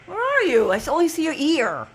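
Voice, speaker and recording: A woman's voice: high-pitched, wildly swooping pitch, brisk. A woman talking playfully to her pet dog, teasing and coaxing it. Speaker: dog owner. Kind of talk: casual talk to a pet.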